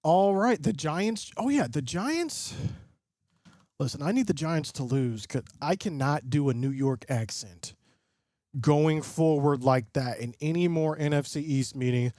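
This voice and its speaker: A man doing live play-by-play commentary and reaction as a streamer host, excitable and often breaking into loud hype. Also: fairly high pitch, measured pace, dry recording, studio quality. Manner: excitable, swings into loud bursts of call-style hype. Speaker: livestream host and sports fan.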